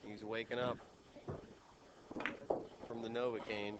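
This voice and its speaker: A man's voice: on the low side, level tone, slow, dull audio, noisy background. Wisecracking man doing color commentary. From Ohio. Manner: wisecracking, dry asides.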